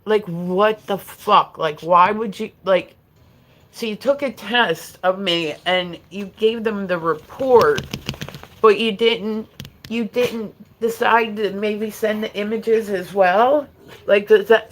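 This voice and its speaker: A woman's voice: mid-range voice, slow, a little hiss or hum, low-quality recording. Chatty woman livestreaming from home. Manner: chatty and frank, swears freely, talks to chat. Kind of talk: casual livestream chat.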